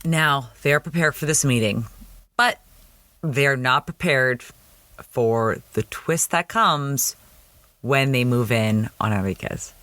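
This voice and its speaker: A man's voice: mid-range voice, takes it slowly, bright, forceful tone, dry recording. A man hosting a podcast, recapping a TV episode in a chatty, wry way. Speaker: podcast host.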